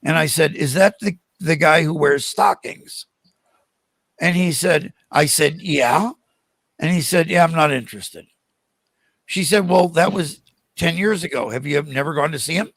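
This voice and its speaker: An older American man, a podcast guest, telling animated stories and acting out the voices of the people in them. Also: fairly high pitch, unhurried, creaky, no room sound. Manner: animated, acts out quoted voices. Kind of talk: storytelling in a podcast interview.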